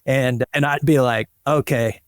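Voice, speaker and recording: A man's voice: medium pitch, normal speed, clean tone, no room sound, clean studio sound. A man hosting a podcast, a former police officer casually telling anecdotes about his old shifts. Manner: relaxed, anecdotal storytelling.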